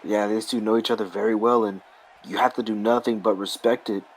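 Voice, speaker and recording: A man's voice: on the low side, steady tone, brisk, slightly rough. A man giving earnest, emphatic color commentary on a wrestling match.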